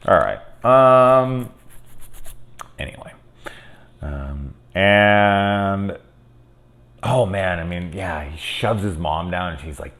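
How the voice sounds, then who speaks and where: A man in his thirties giving a casual, candid spoken review of a horror film, often cursing and swinging between quiet musing and loud exasperation. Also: low-pitched, expressive, takes it slowly, pauses often.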